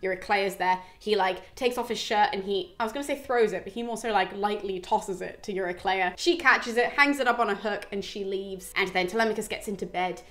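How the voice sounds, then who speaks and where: A woman's voice: medium pitch, brisk, few pauses, fairly bright tone. A young woman hosting a video, retelling a classic epic in a chatty, irreverent way, with casual swearing and plenty of slang. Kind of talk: casual slangy book recap.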